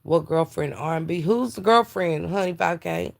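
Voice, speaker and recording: A woman's voice: lowish voice, expressive, moderate pace, creaky. A tired woman hosting a casual live stream, chatting about celebrity gossip and greeting viewers in chat. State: tired, yawning. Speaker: livestream commentator.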